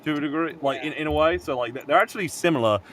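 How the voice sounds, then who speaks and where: A man chatting casually on a group call, retelling a story in a rambling, animated way, full of fillers and restarts and casual swearing. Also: a little high, quick pace, slight background noise. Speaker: stream co-host. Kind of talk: casual chat retelling an anime plot.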